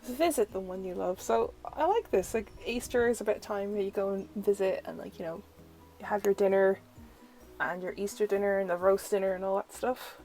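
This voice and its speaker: A woman's voice: mid-range voice, a little fast, darkish tone, soft background music, low-quality recording. A young woman tarot reader, chatting through a first look at an oracle deck and filling her talk with "like". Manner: chatty, uses "like" a lot; gushing, easily delighted.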